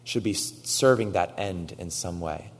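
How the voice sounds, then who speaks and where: A man's voice: low voice, normal speed. A man preaching a sermon, telling a story with quoted dialogue and building to emphatic exhortation. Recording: long hall reverb.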